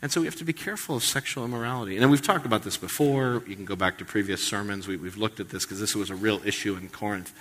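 A man's voice: on the low side, fast, few pauses, fairly bright tone. A male pastor giving a conversational sermon, joking and acting out quoted voices. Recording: long hall reverb.

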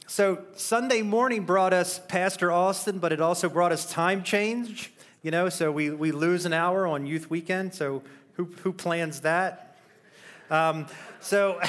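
Man, youth pastor; upbeat storyteller, fairly high pitch, church setting. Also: a bit bright. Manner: upbeat storytelling, laughing, rousing questions to the congregation. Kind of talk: church announcement and recap. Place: church sanctuary.

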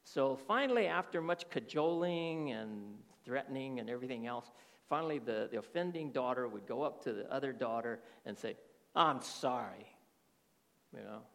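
A man's voice: medium pitch, normal speed, gravelly. A middle-aged man preaching a sermon as pastor, often checking in with his listeners through rhetorical questions. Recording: reverberant hall.

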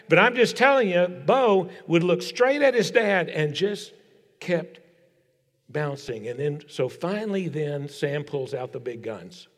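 Older pastor preaching in a reverberant hall. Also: male voice, on the high side, animated, unhurried. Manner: folksy storytelling, dropping to a hushed tone for emphasis. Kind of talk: sermon. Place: large church sanctuary. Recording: long reverb of a large hall.

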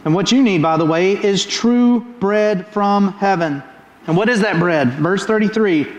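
A middle-aged man preaching a sermon in a church, animated and full of rhetorical questions. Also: high-pitched, normal speed. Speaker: pastor. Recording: roomy echoing hall.

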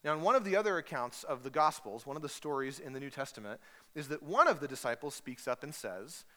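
Man, pastor, sermon, storytelling, bright forceful voice, fairly high pitch. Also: quick pace, long reverb tail. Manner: storytelling, animated, acts out voices with humor. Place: church hall.

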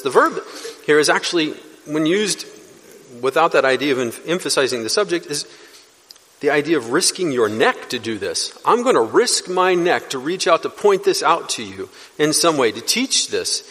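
A male pastor delivers a verse-by-verse sermon with a slightly higher-than-usual voice. He explains the text earnestly and pushes up on the words he wants to stress. His voice rings out with a long reverb in a church hall. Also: lively intonation, normal speed, a bit bright. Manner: earnest teaching, rising for emphasis. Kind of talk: expository sermon.

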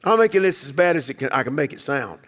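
A man preaching a sermon as pastor, emphatic, acting out quoted voices and dropping low to quiet passages. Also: expressive, quick pace, in a large hall.

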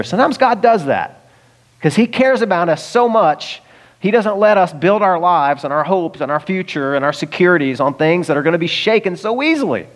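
A man's voice: fairly high pitch, lively intonation, a little fast. A man from the United States preaching a sermon in a conversational way, with chuckles and direct asides to the listeners. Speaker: pastor.

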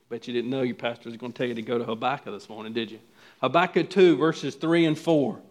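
A pastor preaching a sermon, swinging from quiet, hushed statements to loud, pleading questions to the congregation. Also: male voice, mid-range voice.

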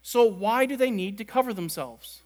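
Guy preaching, kinda high voice, punches words then drops soft. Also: expressive, moderate pace. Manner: emphatic, repeats words for stress, drops soft at ends. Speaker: pastor. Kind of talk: sermon.

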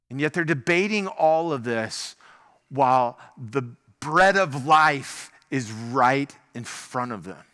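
Preaching in a lively, conversational manner, a medium-pitched man keeps posing rhetorical questions throughout his sermon.

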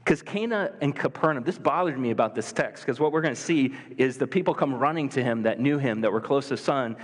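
A man preaches in an easy, conversational style, full of energy. He often acts out the voices of people in the passage. His voice sits at an ordinary pitch and rings with a long hall reverb. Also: fairly quick. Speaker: pastor. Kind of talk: sermon. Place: church sanctuary.

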